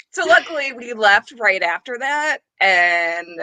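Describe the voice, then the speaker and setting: Bubbly woman telling a lively story. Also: on the high side, extremely slow, pauses often, no room sound. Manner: giggly, acts out quotes, many restarts. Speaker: podcast co-host. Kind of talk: casual chat, animated storytelling.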